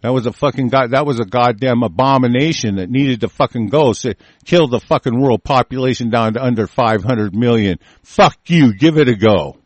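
A man's voice: medium pitch, brisk, few pauses, no room sound. A man from the United States giving a heated, profane rant and reading news aloud in between. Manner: profane, heated, swearing constantly. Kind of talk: angry ranting monologue, reading news aloud.

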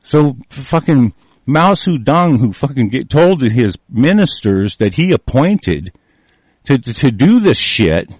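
A man's voice: mid-range voice, very animated, slow pace, darkish tone, husky, dry recording. A man in a heated, profane, rambling rant, often breaking off and restarting his sentences. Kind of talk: casual ranting monologue.

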